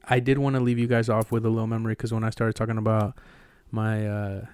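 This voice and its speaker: A young man co-hosting a podcast, telling a long personal story in casual, profane, animated chat. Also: on the low side, quick pace, clean tone. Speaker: podcast co-host.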